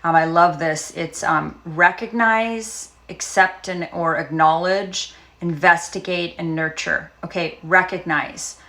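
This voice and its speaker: A woman speaking as a trauma recovery coach, talking casually and gently with frequent fillers and pauses. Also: low-pitched, flat delivery. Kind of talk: casual self-help talk.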